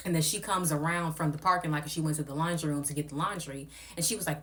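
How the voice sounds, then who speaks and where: A woman's voice: sits low, fairly even intonation, rapid-fire, hardly any pauses, fairly bright tone, slight background noise. A young woman telling a rambling, profane storytime in a casual, blunt way. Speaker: content creator.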